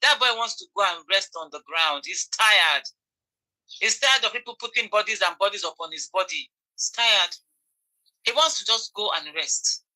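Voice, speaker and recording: A woman with a Nigerian accent delivers impassioned commentary, driving each point home by repeating it. Her voice is strikingly bright and sharp. She pleads with her listeners and stays insistent throughout. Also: mid-range voice, animated, moderate pace, rough recording. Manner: emphatic, repeats phrases. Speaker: online commentator.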